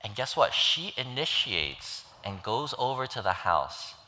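A man's voice: medium pitch, sing-song, unhurried, bright, forceful tone. A man preaching a sermon in earnest, pleading tones, retelling a story and acting out its voices. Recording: long hall reverb.

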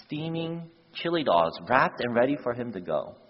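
A man preaching a sermon through an animated story, shifting voices for the characters and using casual fillers, recorded with dull lo-fi sound in a reverberant church hall. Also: mid-range voice, moderate pace, slightly rough.

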